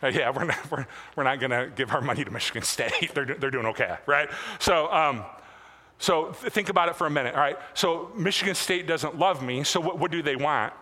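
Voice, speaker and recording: Man, pastor, sermon, bright tense voice, slightly high pitch, chatty self-deprecating delivery, big church reverb. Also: a little fast. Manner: conversational, self-deprecating preaching with asides and laughs. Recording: long hall reverb.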